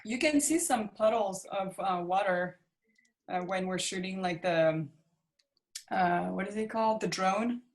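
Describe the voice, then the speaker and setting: A woman's voice: medium pitch, measured pace. Woman, musician guest, casual, frequent laughs, fillers. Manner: laughs often, hesitant fillers. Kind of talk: casual interview chat.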